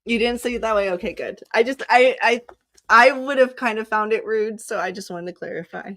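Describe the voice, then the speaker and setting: A woman's voice: on the high side, fairly quick, fairly bright tone. A woman from Southern California giving a casual, chatty tarot reading, often breaking into laughter. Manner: giggly, chatty, frequent laughter. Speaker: psychic reader.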